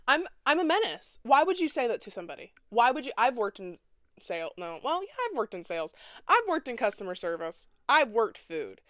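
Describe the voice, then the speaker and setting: A woman's voice: fairly high pitch, very animated, normal speed, fairly bright tone, no echo, clean studio sound. A young woman hosting a podcast, telling a story in a casual, dramatic and sassy way and acting out the people in it. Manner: dramatic, sassy, acts out other people's lines. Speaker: podcast host.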